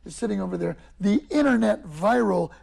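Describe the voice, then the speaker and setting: A middle-aged man from Detroit, a drummer chatting casually, animated and joking, mimicking drum sounds. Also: sits high, fairly quick, creaky, breathy edge. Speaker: guest drummer. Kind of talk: casual chat.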